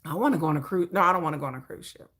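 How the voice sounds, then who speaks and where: A woman hosting a casual livestream, animated and opinionated, often breaking into laughter. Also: low-pitched, rapid-fire. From United States. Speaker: livestream host.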